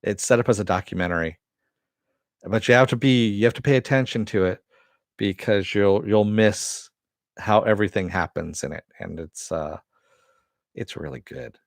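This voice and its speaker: Deep-voiced man chatting casually. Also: moderate pace, gravelly, no echo, studio quality. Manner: chatty, answers viewer chat, swears. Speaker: host. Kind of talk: casual live-stream chat.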